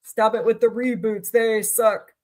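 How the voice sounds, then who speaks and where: A woman's voice: on the high side, flat delivery, a little slow, darkish tone. A woman hosting a casual live stream, chatting and joking with viewers about movies and reading their comments. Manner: chatty, jokey, reads and answers viewer comments. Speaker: livestream host.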